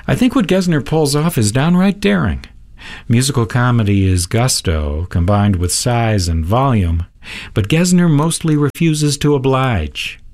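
A man giving scripted, measured commentary as a critic narrator. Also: medium pitch, animated, a little mellow.

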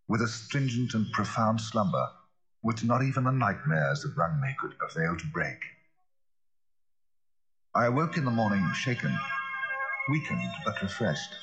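A man reading a classic novel as scripted narration, in a dramatic, expressive manner. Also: sits low. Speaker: audiobook narrator. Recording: dull lo-fi recording.

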